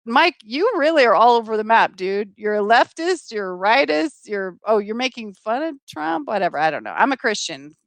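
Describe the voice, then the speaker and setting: Sarcastic woman live-stream host, gravelly. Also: on the high side, big pitch swings, moderate pace, hardly any pauses, no room sound. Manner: sarcastic, scolding toward trolls. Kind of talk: live political commentary, reading chat.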